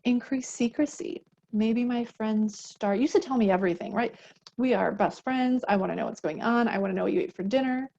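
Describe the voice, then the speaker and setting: A woman's voice: a little high, a little fast, creaky, darkish tone, lo-fi sound, a little hiss or hum. A woman advocate giving an educational talk on unhealthy relationships, speaking conversationally, often ending a point with a tag question and acting out example dialogues. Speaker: domestic violence advocate.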